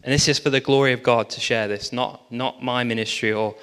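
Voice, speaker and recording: A man preaching as a pastor, telling a story lively with quoted dialogue. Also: mid-range voice, fairly quick, smooth. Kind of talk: sermon storytelling. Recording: long reverb of a large hall.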